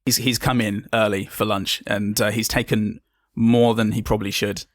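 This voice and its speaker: A man narrating his character in a tabletop role-play, in a hesitant, halting way. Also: lowish voice, level tone. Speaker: player.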